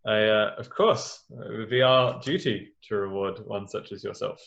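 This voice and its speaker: A man's voice: lowish voice, moderate pace, creaky, background noise. A man voicing a dutiful town guard captain who speaks formally but fumbles his words. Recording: dull lo-fi sound.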